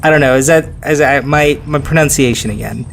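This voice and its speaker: A man's voice: on the high side, fairly quick, vocal fry, a bit bright, slight background noise. A man hosting a casual history podcast, chatty and joking, stumbling over hard names. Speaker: podcast host.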